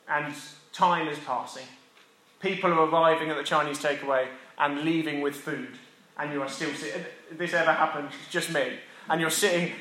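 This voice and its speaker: A British man preaching a sermon, earnest with emphatic pauses and wry self-deprecating humor. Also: on the high side, fairly bright tone, echoey room. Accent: British English.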